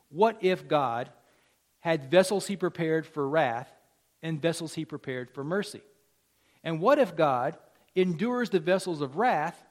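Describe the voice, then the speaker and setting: A man preaching a sermon in a church, animated, swinging between loud emphasis and hushed asides. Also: sits high. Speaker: pastor.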